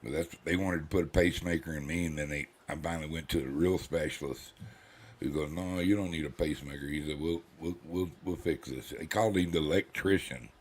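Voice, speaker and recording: An older host chats casually as a rambling, folksy storyteller with a cantankerous drawl, acting out the voices of people he quotes. His voice is very deep, brisk, and slightly rough.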